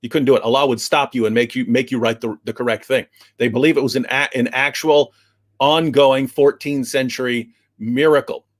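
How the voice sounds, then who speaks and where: A man giving an animated explanation on a livestream discussion, restarting sentences often and acting out quoted speech. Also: medium pitch, moderate pace. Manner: frequent restarts, acts out quotes.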